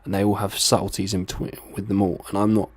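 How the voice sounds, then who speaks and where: London man, low-pitched and husky, chatty accent explainer, dry close sound. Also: little pitch movement, quick pace, dry recording. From London, England. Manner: chatty, drifts between accents and registers. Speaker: accent video host. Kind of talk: casual accent tutorial.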